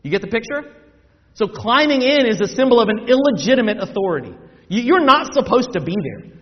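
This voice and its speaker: High-voiced preacher man in a reverberant hall. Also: very animated, highs cut off. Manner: dramatic scripture reading, shifting from loud slow proclamation to soft asides; conversational teaching with repetitions and restarts. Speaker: pastor. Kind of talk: sermon.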